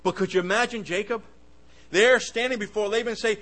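A man preaching a sermon with passion, swinging between loud bursts and soft asides, often stammering and restarting his words. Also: sits high, steady tone, fast talker, rough recording.

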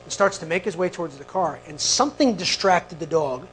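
A man with a slightly higher voice tells a long personal story to a live audience. He talks in an animated way and keeps turning to the listeners with quick asides. A faint hum sits under the recording. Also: rough recording. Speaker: speaker.

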